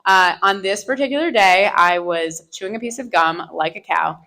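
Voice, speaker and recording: A woman telling a self-mocking personal story live on stage into a microphone, animated and often laughing through her lines. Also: mid-range voice, moderate pace, slight background noise, low-quality recording. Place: live stage before an audience.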